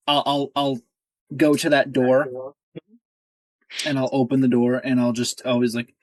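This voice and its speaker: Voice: medium pitch, level tone, a little slow, darkish tone, dry recording. Hesitant player, dry close sound. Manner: hesitant, repeats words. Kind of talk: casual talk at a game table.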